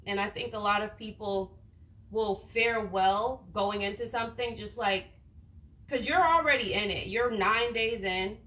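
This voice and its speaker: A woman's voice: medium pitch, measured pace, sharp tone, rough recording. A woman from Boston hosting a casual livestream, answering viewer comments in a frank, slangy way with lots of "like" and the odd swear. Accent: Boston, without the stereotypical broad vowels. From Boston, USA. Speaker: wellness livestream host.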